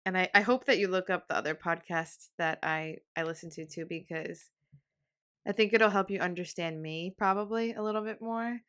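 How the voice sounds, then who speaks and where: A woman's voice: on the low side, steady tone, moderate pace, fairly bright tone, clean tone. A young woman in her twenties hosting a casual solo podcast, rambling with lots of fillers and laughs, getting emotional. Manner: emotional, on the verge of tears. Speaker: podcast host.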